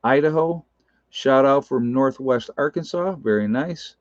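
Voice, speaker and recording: Relaxed man chatting on a dull stream. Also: medium pitch, a little slow, no room sound. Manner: reads viewer comments aloud, chuckles often. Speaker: livestream host. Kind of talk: casual livestream chat.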